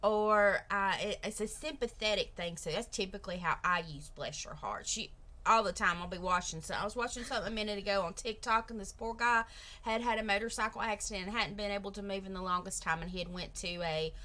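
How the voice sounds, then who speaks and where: A woman's voice: mid-range voice, fast talker, pushed and bright. A middle-aged woman with a Southern US accent, chatting frankly and rambling as a reaction host. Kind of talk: casual reaction chat.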